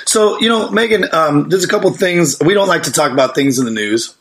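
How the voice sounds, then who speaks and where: A man in his thirties co-hosting a casual podcast, rambling and joking in quick banter. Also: fairly high pitch, animated, a bit bright. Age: 30s. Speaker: podcast co-host. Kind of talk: casual chat. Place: home studio.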